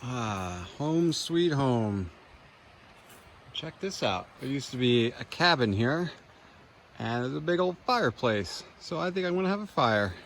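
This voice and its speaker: Man, hiker, relaxed rambling talk, mid pitch, outdoors, faint background noise. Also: a little slow. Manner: easygoing, rambling, thinks aloud. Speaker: long-distance hiker. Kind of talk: casual trail vlog. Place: outdoors on a mountain trail.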